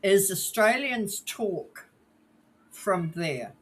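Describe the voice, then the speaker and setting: A podcast co-host telling stories in a relaxed, casual way on a live show, with a teasing streak. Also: medium pitch, takes it slowly.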